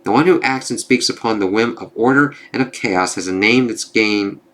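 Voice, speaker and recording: A man reading the verses of a rhyming male storyteller god from a comic, reciting them in measured rhyme. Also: fairly low pitch, fairly bright tone, close to an everyday voice. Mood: solemn.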